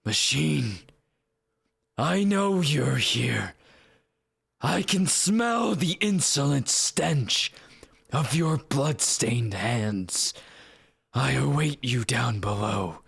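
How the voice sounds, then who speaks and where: A man voicing a wrathful, grandiose male angel in a slow, menacing, raspy declamation. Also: mid-range voice, animated, fairly bright tone, no room sound, studio quality, pitched above the performer's own voice, full character voice. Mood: taunting. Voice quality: raspy, gravelly. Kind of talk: live-streamed voice acting.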